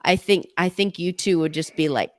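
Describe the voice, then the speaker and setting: A woman's voice: lowish voice, moderate pace, darkish tone, no room sound. Chatty older woman hosting, dry sound. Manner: enthusiastic, chatty storyteller. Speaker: podcast host. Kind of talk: casual interview chat.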